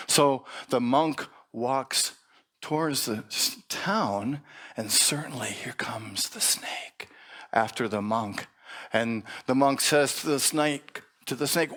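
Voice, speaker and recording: Slow-speaking male preacher telling a parable. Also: medium pitch, a bit bright. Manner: unhurried, with restarts and pauses. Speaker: speaker at a church service. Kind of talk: storytelling sermon.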